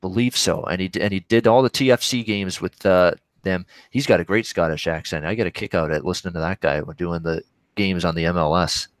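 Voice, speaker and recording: A Canadian man with a somewhat low voice rambles casually through viewer questions on a livestream. He breaks off mid-thought to react to the game he is watching. The sound is close and dry. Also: brisk, no room sound. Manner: rambling, reacting live to games. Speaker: sports betting show host.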